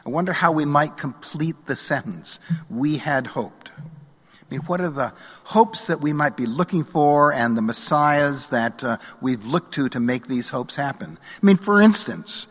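A middle-aged man preaching a sermon from a church pulpit, measured and earnest, letting his phrase endings fall softly. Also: fairly high pitch, expressive, breathy edge. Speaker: pastor. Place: church sanctuary. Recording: long church reverb.

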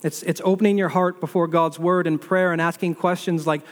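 A man's voice: fairly high pitch, steady tone, brisk. A man preaching a sermon as pastor, building repetitive lists and asking the listeners rhetorical questions. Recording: long reverb of a large hall.

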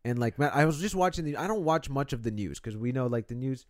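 A young man rambles and reflects on a relaxed podcast, often circling back and restarting his sentences. His voice sits at an ordinary pitch for a man, recorded dry and close with no room around it. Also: fast talker, no echo. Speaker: podcast co-host. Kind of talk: casual chat.

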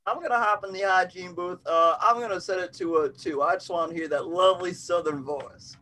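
A man's voice: high voice, a little fast, sharp tone. A man playing a tabletop role-playing game, talking in an earnest, mock-loyal way. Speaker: player. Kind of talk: casual tabletop role-play chat.

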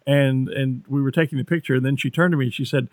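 A man's voice: mid-range voice, steady tone, quick pace, no echo, clean studio sound. An American man hosting an interview, chatty and friendly, asking questions and telling side stories. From United States. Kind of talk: casual interview.

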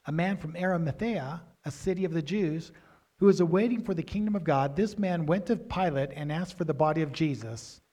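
Emphatic male preacher, higher voice. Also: brisk. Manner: grows loud and emphatic, rising pitch when stressing points; asks the audience questions and answers them himself. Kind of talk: sermon.

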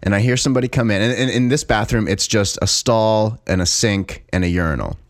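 Low-voiced man telling a story, dry sound. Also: brisk, no room sound. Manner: laughs through his own story, swears freely. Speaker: podcast co-host. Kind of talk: casual storytelling.

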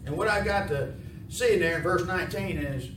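A preacher whose voice sits high speaks fairly quickly in a folksy, call-and-response sermon, frequently asking the congregation questions. The noisy recording has a far-off mic and an echoey room.

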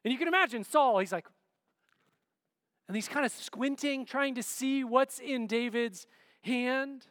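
A man preaching a sermon in a relaxed, conversational way, often checking in with "right?" and filler "like". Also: very high voice, measured pace, pauses often, no echo, big-room sound.

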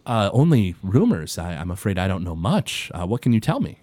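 A man's voice: low-pitched, very animated, fairly quick, a little mellow, no room sound, voice pushed down. A man voicing a courteous human man who speaks politely with small hesitations. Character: polite, civil human man among priests.

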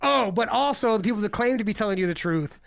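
A man's voice: high-pitched, expressive, fast talker, creaky, a bit bright, no echo. A man in his forties telling a rambling story on a casual podcast, full of fillers and swearing. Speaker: co-host.

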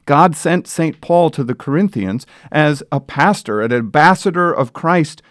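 A man preaching a sermon as pastor, earnest and plain, building to loud emphatic passages. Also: a little high, expressive, a little slow, dry recording, clean studio sound. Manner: earnest preaching, rising to loud sung quotes.

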